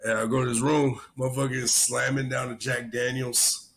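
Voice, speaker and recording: A man's voice: mid-range voice, flat delivery, normal speed, a bit bright, slightly rough. A man hosting a podcast in casual chat, rambling and swearing constantly as he tells stories. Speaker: podcast host, army veteran.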